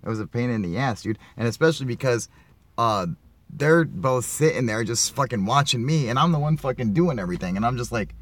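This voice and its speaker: A man's voice: mid-range voice, lively intonation, brisk, dry recording. A man ranting casually to his viewers from his van, swearing constantly, rambling and laughing often. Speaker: vlogger. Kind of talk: casual rant to camera.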